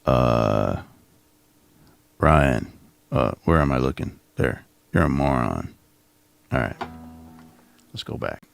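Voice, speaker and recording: A man's voice: a bass voice, expressive, slow pace, creaky, long pauses, soft background music. A man hosting a video that reacts to clips, mocking and sarcastic, often restarting his sentences. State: coughing. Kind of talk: casual commentary.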